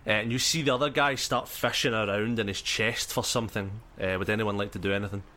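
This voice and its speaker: A man's voice: on the low side, fairly even intonation, quick pace, pushed and bright. A man narrating as game master, rambling with many ums. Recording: music under the talk.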